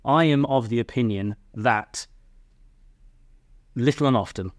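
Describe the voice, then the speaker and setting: A man's voice: medium pitch, measured pace, no room sound, clean studio sound. A young man co-hosting a podcast, explaining things step by step in an easygoing, hedging way. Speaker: podcast co-host. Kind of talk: casual chat.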